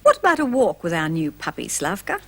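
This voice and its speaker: A woman's voice: lowish voice, wildly swooping pitch, a little fast, voice pushed down, exaggerated voice. A woman voicing a caring young father in a children's storybook, protective and warning. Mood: cheerful.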